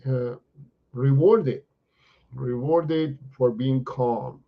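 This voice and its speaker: A man's voice: mid-range voice, takes it slowly, muffled recording. A man, a dog trainer, answering viewers live in a chatty way, often repeating words and saying "you know" and "right?". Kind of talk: live-stream Q&A.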